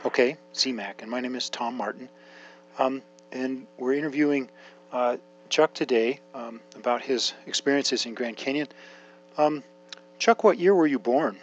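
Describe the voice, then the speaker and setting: A man's voice: medium pitch, normal speed, lo-fi sound, soft background music. A man interviewing someone for an oral history, asking brief questions with fillers.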